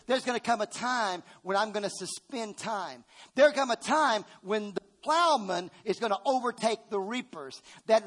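Emphatic high-voiced male preacher. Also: breathy edge. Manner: emphatic, swings between loud bursts and hushed asides; calls on the congregation to respond. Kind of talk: sermon.

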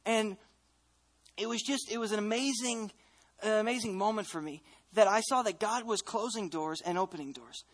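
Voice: medium pitch, moderate pace. A speaker from the United States giving a personal faith testimony, telling the story earnestly and reflectively, often restarting phrases.

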